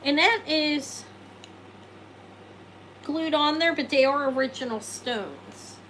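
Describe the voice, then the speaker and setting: A talkative woman host on a live sale, with a bright, forceful edge and a voice that sits a little high. She rambles from item to item, answers viewers as she goes and laughs at herself. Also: takes it slowly, a little hiss or hum, low-quality recording. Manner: self-deprecating, jokes and laughs. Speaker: host selling jewelry live. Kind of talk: casual live sales chat.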